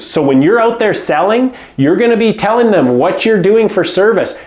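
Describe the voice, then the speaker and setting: A man's voice: sits high, roomy sound. A man coaching home care business owners in a direct instructional talk, speaking up firmly and stressing key words.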